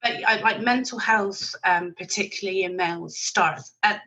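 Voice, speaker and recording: Podcast guest: bright, forceful woman, blunt and chatty. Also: medium pitch, normal speed, muffled recording. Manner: chatty and blunt, sprinkles in mild swearing and laughs. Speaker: podcast guest, virtual assistant business owner. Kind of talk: casual podcast chat.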